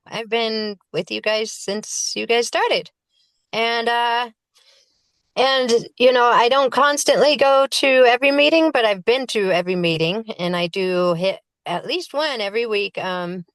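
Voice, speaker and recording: A woman's voice: medium pitch, a bit bright, dry recording, clean studio sound. A woman giving a personal recovery share at a meeting, eager but hesitant with fillers. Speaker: meeting attendee sharing.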